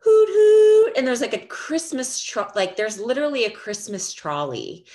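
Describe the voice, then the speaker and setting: A woman in casual chat, telling stories in a loose, animated way, laughing often and swearing freely. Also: medium pitch, normal speed.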